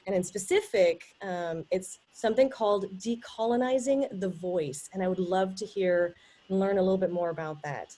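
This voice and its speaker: A woman's voice: medium pitch, normal speed. Upbeat woman hosting a live chat. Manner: upbeat, enthusiastic, animated storytelling. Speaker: host. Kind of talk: casual live interview.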